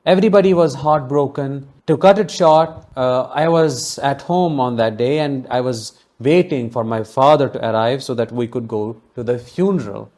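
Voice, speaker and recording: A man's voice: mid-range voice, moderate pace, hardly any pauses. A man hosting a solo podcast, telling a personal story in an earnest, emotionally charged way and speaking consolingly to his listeners. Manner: warm, consoling sign-off to listeners. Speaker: podcast host.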